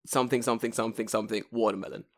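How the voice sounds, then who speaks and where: Un hombre joven de Londres con acento londinense, que cuenta anécdotas en una charla informal, con muchas palabrotas y arrebatos de voz fuerte. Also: male voice, lowish voice, very fast. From England. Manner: profane, animated storytelling with sudden loud outbursts. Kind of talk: casual chat.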